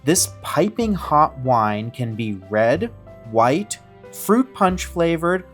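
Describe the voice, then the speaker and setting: A woman hosting a travel show, giving calm, measured scripted narration. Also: deep voice. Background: faint guitar music.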